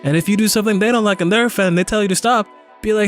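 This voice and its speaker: A man's voice: high voice, very fast, soft background music. A young man co-hosting a casual advice chat, joking and rambling in slangy, offhand talk. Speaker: co-host.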